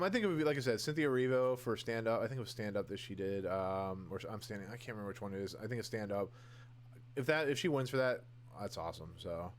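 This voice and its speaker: The recording carries a little hiss or hum as a young man with a mid-range voice hosts a podcast. Alone at the mic, he rambles casually through opinions with many fillers and restarts, gushing over favorites and candid about dislikes.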